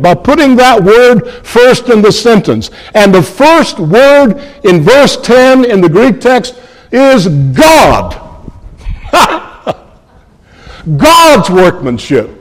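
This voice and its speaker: A man delivers an expository sermon at an unhurried pace. His voice sits fairly high and swings widely in pitch as he stresses words. He speaks earnestly, repeats key phrases for emphasis and calls his listeners friends. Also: long reverb tail. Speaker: preacher.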